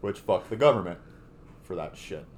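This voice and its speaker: A man's voice: low-pitched, animated, moderate pace, slight background noise. A man co-hosting a podcast in casual chat, profane and opinionated, speeding up when he rants. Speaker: podcast co-host.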